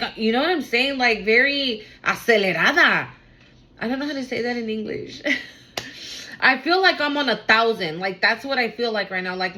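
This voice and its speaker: Bright-voiced excitable woman, swearing freely. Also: a little high, rough recording. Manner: fast, excitable, swears casually, uses slang. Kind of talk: casual spiritual reading to viewers.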